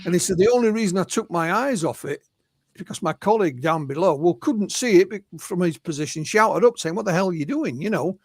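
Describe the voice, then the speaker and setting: High-voiced English man telling stories. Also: lively intonation, fairly quick, a little mellow, no echo, clean studio sound. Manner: recounts witness stories, quoting them in his own voice, with many fillers and restarts. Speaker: interview guest, UFO researcher. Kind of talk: conversational storytelling.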